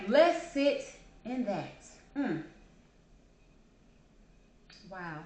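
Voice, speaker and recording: A woman shares a personal story in a casual, chatty way. She is emotional but keeps smiling and laughing as she talks. Her voice sits at a middle pitch and carries some room echo. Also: expressive, extremely slow, long pauses, a little mellow. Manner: emotional, chatty, smiles and laughs while talking. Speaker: host. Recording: echoey room.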